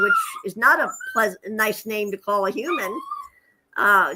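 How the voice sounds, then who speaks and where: A woman whose voice sits slightly high speaks against a noisy background. As an interview guest, this hospice nurse and animal rescuer tells chatty stories, often chuckling and turning aside to address her pet parrot.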